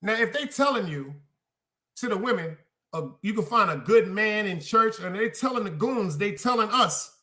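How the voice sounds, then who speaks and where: A man hosting a podcast, preaching loudly and with a lot of swearing, and putting questions to his listeners. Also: high voice, animated, normal speed. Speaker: podcast host. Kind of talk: casual preaching monologue to a live chat.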